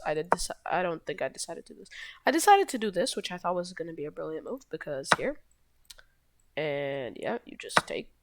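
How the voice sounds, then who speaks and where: Lively low-voiced woman explaining chess. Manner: rambling, self-correcting, shrugs things off. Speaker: chess video host. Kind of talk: casual chess game walkthrough.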